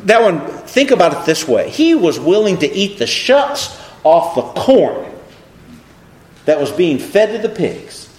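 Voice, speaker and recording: In an unhurried, high-sitting voice with a roomy sound, a man delivers a sermon and reads scripture. He stays animated throughout, posing rhetorical questions to the congregation.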